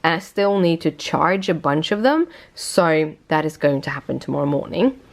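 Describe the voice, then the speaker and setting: A woman's voice: low-pitched, lively intonation, moderate pace, gravelly. A tired young woman vlogging casually at home, chatty and rambling, with a British-tinged accent. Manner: rambling, self-correcting, chatty. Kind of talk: casual vlog chat.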